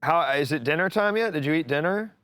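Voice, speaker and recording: Hosting a live call-in show, a man rambles casually, cracking jokes and swearing. His voice sits a little high and is animated, fast, a bit bright and clean, captured dry on a studio mic.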